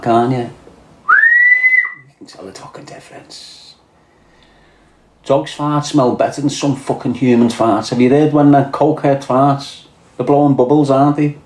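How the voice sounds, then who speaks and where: A man's voice: medium pitch, darkish tone. A man with a Scouse accent chatting crudely on a livestream. He reads out viewer comments and tells swaggering, profane stories. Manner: profane, blunt, swaggering storyteller. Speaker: livestream host reading chat. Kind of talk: crude casual chat. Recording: roomy echo.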